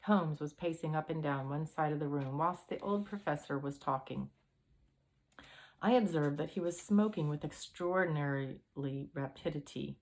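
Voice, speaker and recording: Low-voiced woman reading a classic mystery. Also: darkish tone. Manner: reads aloud with occasional throat-clearing. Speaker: audiobook reader. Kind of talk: storybook narration.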